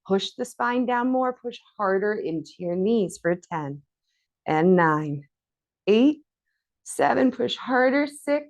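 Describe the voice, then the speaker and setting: A woman's voice: fairly low pitch, lo-fi sound. A woman leading a guided floor workout, counting reps aloud and encouraging, a little out of breath from exercising along. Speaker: fitness instructor.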